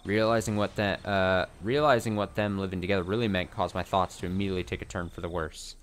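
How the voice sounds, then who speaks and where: A man streaming a visual novel, reading the story aloud and adding expressive, sometimes profane commentary. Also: on the low side, quick pace, few pauses. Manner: expressive, swears when annoyed. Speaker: let's play streamer.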